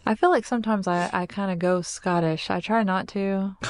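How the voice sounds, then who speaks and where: A woman with a Kentucky accent chatting as a podcast co-host. She giggles through her lines and keeps them light. Her voice sits at a middle pitch and sounds dry, close to the mic. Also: dry recording. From United States. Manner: giggly, laughs often. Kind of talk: casual chat.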